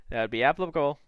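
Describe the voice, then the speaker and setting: A man's voice: a little high, clear, resonant tone, no room sound, dull audio. A man co-hosting a podcast in casual comedic chat, affectionate and giggly. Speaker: podcast co-host.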